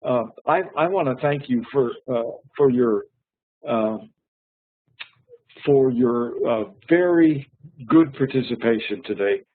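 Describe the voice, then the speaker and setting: A man's voice: mid-range voice, lively intonation, slow. A man teaching an online English lesson, patient and friendly, often repeating his words. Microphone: online call. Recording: tinny phone-like online call.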